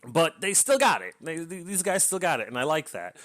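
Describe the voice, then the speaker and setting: A man's voice: a little high, big pitch swings, brisk, fairly bright tone. Male book reviewer, casual rambling delivery, lots of restarts, eager tone. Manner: rambling, frequent restarts and filler, enthusiastic.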